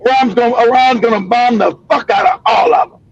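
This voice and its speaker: A man hosting a political commentary show, ranting angrily with profanity and bursts of shouting. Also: extremely high pitch, fairly quick, creaky, husky, dry recording. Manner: angry, profane, shouting tirades. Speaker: host. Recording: dull lo-fi audio.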